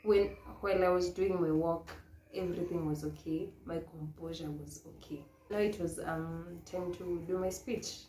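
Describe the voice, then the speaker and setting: Kenyan woman, pageant coach, lowish mellow voice, lively storytelling, echoey room, faint hiss. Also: normal speed. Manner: animated, laughs often, mixes in Swahili. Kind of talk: casual storytelling vlog.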